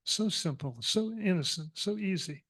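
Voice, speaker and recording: Lively man telling a sermon story. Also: high voice, moderate pace. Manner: animated storyteller, mixes humor and reflection. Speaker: minister.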